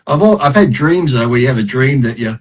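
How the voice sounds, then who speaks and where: A man's voice: medium pitch, animated, brisk, breathy edge, rough recording. A middle-aged man, telling stories in a blunt, profane, self-mocking way as a podcast guest. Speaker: podcast guest, retired bodybuilder. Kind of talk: casual interview storytelling.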